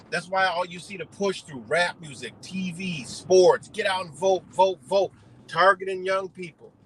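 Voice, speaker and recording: A man's voice: a little high, pushed and bright, slight background noise, rough recording. A man doing a rambling, profane political rant on a livestream, talking outdoors beside a road. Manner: heated, rambling, heavy swearing. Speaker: livestream host.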